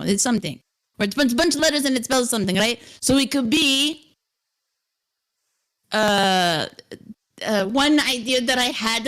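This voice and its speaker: A woman's voice: a little high, a bit bright. A woman playing a tabletop game, chatting casually and rambling as she searches for words. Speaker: player.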